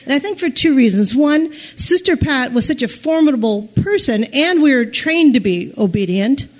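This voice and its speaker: A woman telling a true personal story aloud in a halting way, often restarting sentences and laughing nervously. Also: high voice, animated, darkish tone.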